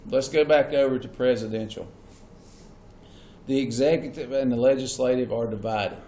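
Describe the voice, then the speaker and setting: A man's voice: medium pitch, steady tone, normal speed, dark tone, slight background noise. A man teaching a classroom lesson. He keeps asking the class questions and repeats the key points. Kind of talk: classroom lecture.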